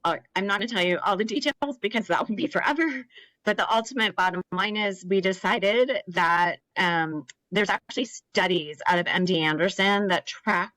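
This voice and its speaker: A woman's voice: mid-range voice, normal speed, fairly bright tone, no echo, low-quality recording. A woman in her thirties, a guest on an interview podcast, earnestly telling her own story and acting out what others said. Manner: earnest, emotional, acts out quoted voices. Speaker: podcast guest, cancer survivor.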